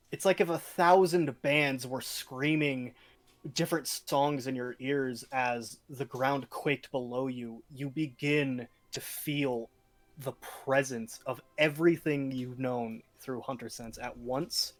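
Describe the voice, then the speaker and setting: A man narrating as game master of a tabletop game, with a dramatic delivery and sudden shifts in pace and loudness. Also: mid-range voice.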